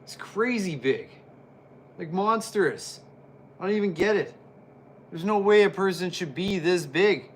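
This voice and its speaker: Reviewing an old wrestling match, a high-voiced man gives chatty, jokey play-by-play, excitable yet a little slow and marked by long pauses. A little hiss or hum runs through the audio.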